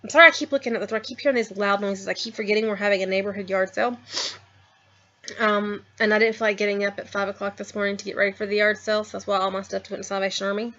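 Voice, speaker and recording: Filming herself at home in a house, a thirty-something vlogger talks casually and rambles, full of ums and asides that trail off. Her medium-pitched voice is rapid-fire, with a steady but sharp tone. The audio is dull.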